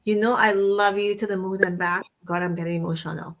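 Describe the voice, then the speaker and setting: A woman's voice: medium pitch, little pitch movement, fairly quick, a bit bright. A woman co-hosting a casual talk show, speaking effusively and rambling, with frequent restarts and rephrasings. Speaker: co-host.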